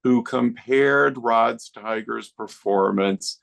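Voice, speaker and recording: A man's voice: mid-range voice, takes it slowly, gravelly, a bit bright. A middle-aged man, a guest filmmaker on a podcast, reminiscing in an earnest, heartfelt way. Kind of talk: podcast interview.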